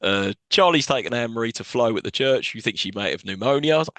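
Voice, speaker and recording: A man's voice: medium pitch, expressive, fast talker, fairly bright tone, dry recording. Man, podcast co-host, casual film recap, sarcastic and sweary, dry close sound. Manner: swearing, recaps plot with sarcastic asides and jokey quoted voices.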